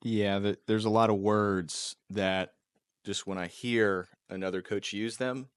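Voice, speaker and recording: A man with a fairly low voice hosting a podcast, chatting in a blunt, casual way with the odd swear word. The sound is close and dry, with no room in it. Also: fairly even intonation, measured pace, clean tone, no echo. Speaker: podcast host. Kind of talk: podcast conversation.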